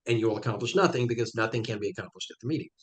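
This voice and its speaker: A man's voice: on the low side, rapid-fire. A man, a guest on a podcast interview, explaining his points emphatically with step-by-step examples.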